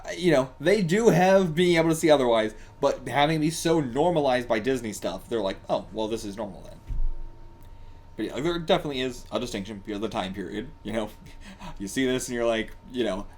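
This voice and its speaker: A man hosting a casual reaction commentary, excitable and laughing often, swearing freely and rambling with lots of fillers. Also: medium pitch, fast talker, slight background noise. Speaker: reaction channel host.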